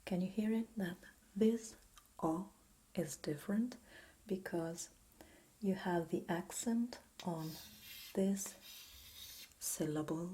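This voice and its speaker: An Italian woman with an Italian accent whispers a patient language lesson as ASMR role-play, drawing out words for the listener to repeat. Her voice is on the low side, warm and slightly rough, slow with long pauses.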